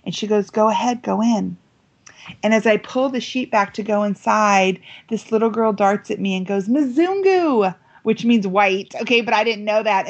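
A woman guest telling a story on an interview podcast, lively and acting out quoted voices. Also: mid-range voice, lo-fi sound. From United States. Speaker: guest author. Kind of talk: animated storytelling.

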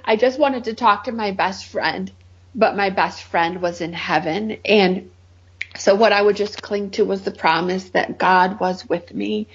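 Interview guest: middle-aged woman, husky, earnest testimony, muffled recording. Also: mid-range voice. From Michigan. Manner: earnest, heartfelt storytelling.

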